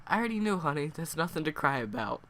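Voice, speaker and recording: A man reading aloud as a loving, reassuring mother, his voice raised a little in pitch. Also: big pitch swings, quick pace, a bit bright, a little hiss or hum. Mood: comforting.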